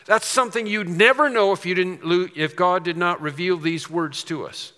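A man's voice: high voice, moderate pace, bright, forceful tone, in a large hall. A man preaching a sermon as a pastor, earnest and emphatic, with storytelling asides.

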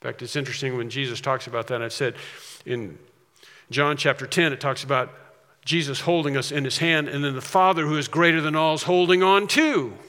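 A man's voice: medium pitch, fairly even intonation, fairly quick, pushed and bright. A man preaching a sermon in an emphatic way, repeating his key phrases. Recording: long reverb of a large hall.

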